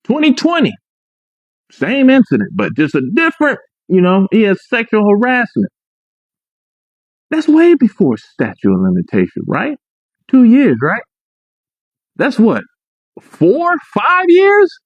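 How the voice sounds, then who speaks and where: A man's voice: very high-pitched, wildly swooping pitch, a little slow, pauses often, no echo. A man telling his own story emphatically, repeating his points and checking in with "right?". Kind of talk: emphatic personal account. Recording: dry, muffled lo-fi audio.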